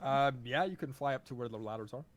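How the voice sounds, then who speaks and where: A man's voice: mid-range voice, fast talker. A man narrating as game master of a tabletop game, casual and full of ums and asides.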